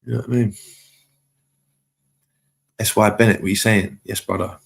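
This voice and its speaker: A man, chatting casually on a live stream, reading viewer comments aloud and giving relaxed shout-outs. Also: on the low side, normal speed, creaky, breathy edge.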